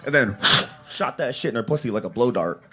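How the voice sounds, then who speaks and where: A young man doing a crude, rambling stand-up set at an open mic in a coffee shop, breaking into shouted impressions now and then. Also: mid-range voice, animated, a little fast, slight background noise.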